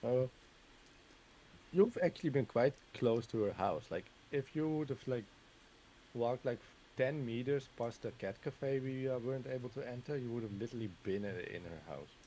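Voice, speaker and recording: A man's voice: mid-range voice, moderate pace, warm tone, slight background noise, low-quality recording. A Dutch man chatting casually while gaming, telling rambling anecdotes full of fillers and small laughs. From Netherlands. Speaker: Minecraft streamer's guest or co-player.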